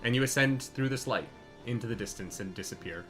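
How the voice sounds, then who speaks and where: A man narrating as game master in a live tabletop charity game, excitable and swearing freely. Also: medium pitch, fairly quick, soft background music.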